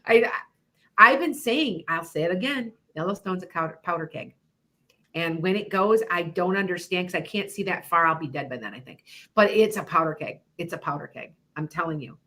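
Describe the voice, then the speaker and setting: A woman's voice: fairly low pitch, lively intonation, a little fast, bright, forceful tone. A middle-aged woman hosting an internet radio show, chatting loosely about her psychic predictions, rambling and laughing often. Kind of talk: casual chat about predictions.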